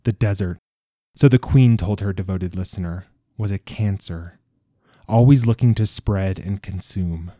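Man narrating a fantasy story, low mellow voice, dry close mic, measured and dramatic. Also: no room sound. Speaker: audiobook narrator.

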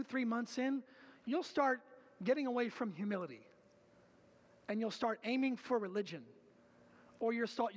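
A male pastor giving an energetic, conversational sermon with casual asides and building emphasis. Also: very high-pitched, big-room sound.

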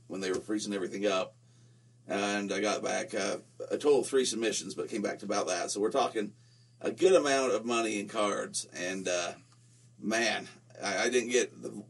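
A man from Utah co-hosting a podcast, chatting casually in a playful, teasing way as he tells stories. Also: on the low side. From Utah, USA. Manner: playful, teasing, lively storyteller. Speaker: podcast co-host. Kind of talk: casual chat.

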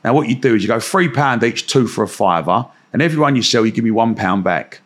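A man's voice: medium pitch, fast talker. A young adult man, telling a story as a podcast guest and acting out the voices of the people in it. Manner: animated storytelling, acts out voices. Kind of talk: anecdotal storytelling.

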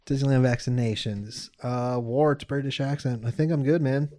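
A young man co-hosting a casual podcast with a laid-back storytelling manner. His voice sits at an ordinary middle pitch, and he laughs easily as he talks. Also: steady tone, normal speed, dark tone, no echo, clean studio sound. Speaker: podcast co-host. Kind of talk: casual chat.

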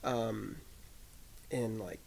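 A man in casual conversation, calmly explaining film history with frequent fillers. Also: on the low side, very slow, creaky.

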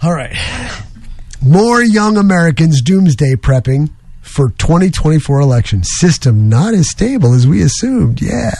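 A man's voice: fairly high pitch, very animated, unhurried, gravelly, mellow, dry recording. Rambling jokey male talk-radio host. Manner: rambling, jokey, self-deprecating. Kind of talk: casual talk radio banter.

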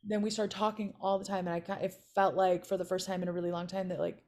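A woman's voice: on the low side, flat delivery, quick pace, a little mellow. A woman, a comedian and podcast guest, chatting at home and telling a personal story candidly, with lots of "like" fillers. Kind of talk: casual chat, personal storytelling. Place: at home with her cat.

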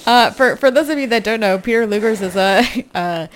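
A woman's voice: fairly high pitch, brisk, slight background noise. A woman hosting a podcast in casual chat, easygoing and teasing, laughing often. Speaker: podcast co-host.

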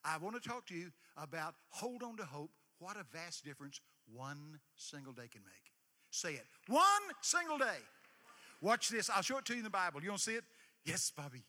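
A man preaching a sermon, emphatic, swinging from hushed asides to shouted lines and calling for responses. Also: on the high side, sing-song, normal speed, long reverb tail. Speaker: pastor.

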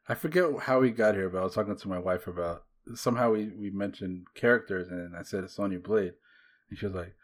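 A man's voice: low voice, steady tone, brisk. A married man co-hosting a podcast, chiming in bluntly during casual chat. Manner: short, blunt interjections. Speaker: podcast co-host.

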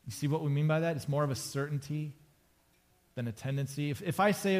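Male pastor, slightly high voice, relaxed joking sermon delivery, repeats key lines for emphasis. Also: a little fast. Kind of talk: conversational sermon. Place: church sanctuary before a congregation.

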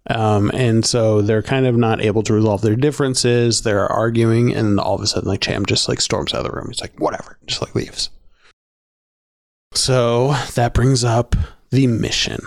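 A man co-hosting a podcast keeps things casual and talkative, laughing frequently and peppering his speech with "like" and "um." He speaks at a normal speed in a medium-pitched, steady voice, with studio quality and no room sound.

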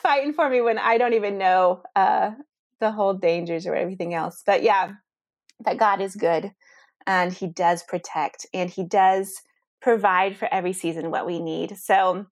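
A woman guest in a conversation, telling a personal story in an animated way, full of restarts and "like". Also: mid-range voice, moderate pace, no room sound, clean studio sound. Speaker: interview guest.

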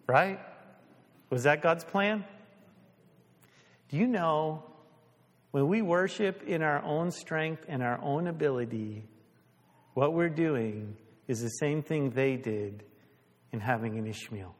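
A man's voice: on the high side, expressive, unhurried, long pauses, long reverb tail. A male pastor preaching a sermon in a conversational way, asking the congregation questions.

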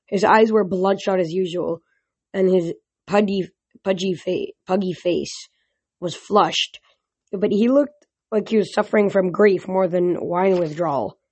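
A reader narrating a first-person novel in a steady reading voice. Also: medium pitch, no echo. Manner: steady reading with occasional restarts. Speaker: audiobook reader.

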